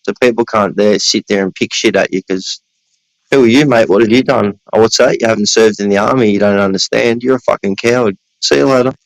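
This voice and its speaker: Low-voiced Australian man, blunt and sweary. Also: brisk, no room sound, low-quality recording. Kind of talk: casual chat.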